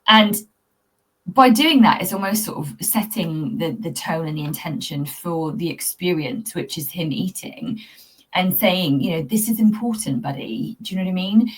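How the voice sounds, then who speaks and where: A woman coaching pet owners in a talk-to-camera video, speaking in an earnest, reflective, gently spiritual way. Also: on the low side, expressive, moderate pace, husky. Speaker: cat anxiety coach. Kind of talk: talking-to-camera tips video.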